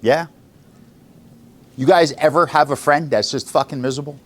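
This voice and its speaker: Blunt, profane sales boss with a higher voice. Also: male voice, normal speed. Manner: blunt and profane, quizzing the room. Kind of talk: motivational talk to sales staff. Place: sales office room.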